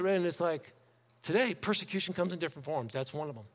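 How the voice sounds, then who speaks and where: A man preaching a sermon to his congregation in a church, in a conversational, animated way, slipping into quoted voices. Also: high voice, quick pace, big-room sound. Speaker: pastor. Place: church sanctuary.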